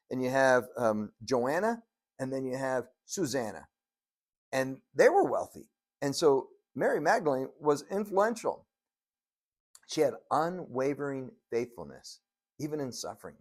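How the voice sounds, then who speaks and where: A man preaching a sermon as pastor, telling the story in an animated way and acting out the scenes. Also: on the high side.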